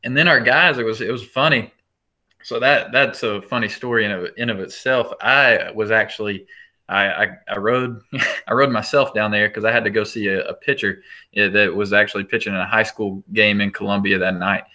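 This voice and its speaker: A man who works as an assistant baseball coach, telling stories in a casual interview, chatty and animated, laughing between restarts. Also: lowish voice, moderate pace.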